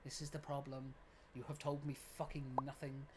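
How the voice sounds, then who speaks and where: A streamer in their twenties, giving lively gameplay commentary, reading game text aloud and swearing often. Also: medium pitch, normal speed, very noisy. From United Kingdom. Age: 20s.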